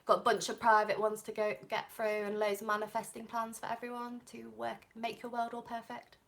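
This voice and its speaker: A woman's voice: on the high side, monotone, brisk, vocal fry, a bit bright. A young Englishwoman with an English accent reading tarot on a live stream, chatting and rambling off on tangents. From England. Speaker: tarot reader.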